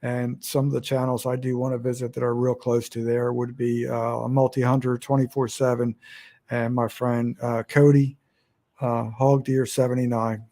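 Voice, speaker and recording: A man's voice: medium pitch, flat delivery, normal speed, warm tone. A middle-aged man from Delaware with a Northern US accent, rambling casually and self-deprecatingly to his phone's front camera at home. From Delaware, USA. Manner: meandering, self-deprecating, frequent restarts. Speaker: outdoors vlogger. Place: at home indoors.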